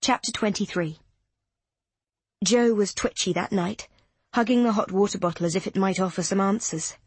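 A woman reading an audiobook in measured, steady narration, with a slightly husky voice. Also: medium pitch, dry recording. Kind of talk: scripted narration.

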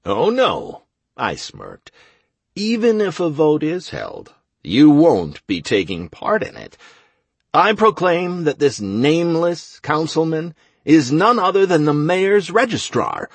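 A man narrating a fantasy audiobook in the first person, with wry, expressive storytelling. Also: a little high, slow pace, breathy edge, no echo.

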